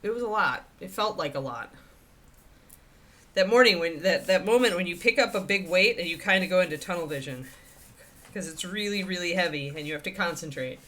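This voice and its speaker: A woman hosts a casual livestream and chats freely with her viewers, wandering from topic to topic. Her voice is bright and clear. Her pitch moves a lot, so she sounds lively. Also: brisk. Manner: chatty, rambling, talks to the chat and her dog. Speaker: host of a miniature painting livestream.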